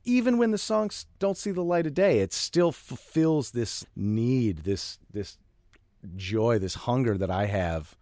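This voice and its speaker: Slow, lively-voiced podcast co-host. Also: male voice, medium pitch, no echo, studio quality. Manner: expressive, laughs easily, savors words. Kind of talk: casual music podcast chat.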